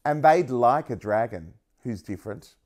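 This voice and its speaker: A man voicing a young boy who talks gently and reasonably to a dragon in a picture book. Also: medium pitch, lively intonation, moderate pace, lightly acted. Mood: gentle persuasive. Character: young boy, calm and wise.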